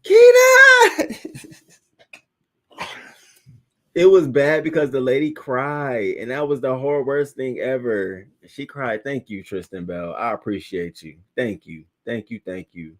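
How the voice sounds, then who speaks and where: Casting note: male livestream host, mid-pitched, expressive delivery, greets chat by name, laughs while retelling clips. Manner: animated, laughing storyteller who greets viewers by name. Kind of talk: casual live-stream chat.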